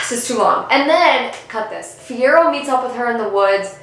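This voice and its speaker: Woman, high voice, giggly rambling recap, heavy room echo. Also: expressive, measured pace, creaky, a bit bright, slight background noise. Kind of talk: casual comedic retelling.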